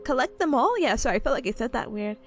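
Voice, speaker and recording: High-pitched giggly woman streaming a game. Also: animated, fast talker, faint music behind. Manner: playful, giggly, reads game text aloud.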